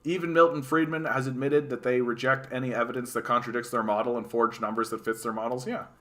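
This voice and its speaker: Canadian man, bright voice, sarcastic live-stream commentary, quick restarts, animated. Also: mid-range voice. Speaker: political streamer. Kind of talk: casual live-stream commentary reading chat.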